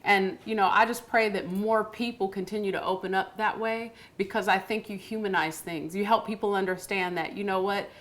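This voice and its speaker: A woman's voice: mid-range voice, fairly even intonation, brisk, few pauses, fairly bright tone. An American woman hosting a talk show interview, earnest and affirming, often repeating words of encouragement. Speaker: host. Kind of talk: warm conversational interview.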